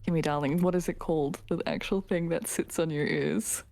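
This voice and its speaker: A tired woman streamer chatting casually with viewers, laughing often and slipping into soft whispers. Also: low-pitched, steady tone, normal speed. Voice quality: tired, giggly. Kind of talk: casual chat reading viewer comments.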